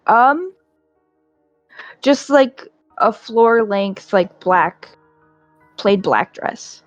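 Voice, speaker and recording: A woman's voice: medium pitch, lively intonation, very slow, dry recording, soft background music. A woman taking part in a tabletop role-play as a player, hesitantly describing her character's actions with fillers.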